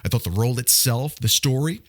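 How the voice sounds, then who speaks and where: A man's voice: mid-range voice, fairly quick. A man hosting a podcast interview, talking bluntly and giving strong opinions in a casual way. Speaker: podcast host.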